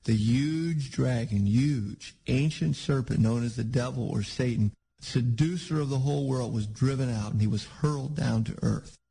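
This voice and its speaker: A man's voice: mid-range voice, moderate pace, vocal fry, few pauses, mellow, husky, poor audio. A man preaching a sermon in a conversational, rambling way with frequent restarts.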